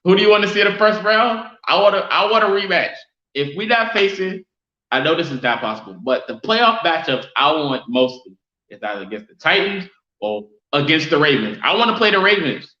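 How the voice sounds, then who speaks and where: A man hosting a casual sports fan live stream, chatting loosely and giving viewers shout-outs. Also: a little high, lively intonation, fairly quick. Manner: casual, reads and answers chat shout-outs. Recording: roomy, dull lo-fi sound.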